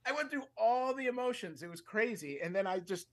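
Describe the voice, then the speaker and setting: A man with a fairly high voice spins a long, loose story on a comedy podcast. He rambles, cuts himself off and chuckles through his own sentences. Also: a little fast. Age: adult, with a fiance. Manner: rambling, animated, self-interrupting, laughs mid-sentence. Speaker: podcast co-host.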